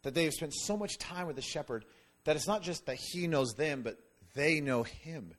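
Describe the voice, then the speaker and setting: A pastor delivers a sermon in a lively, conversational style, slipping in jokes and quick asides to his congregation. His voice sits a little high.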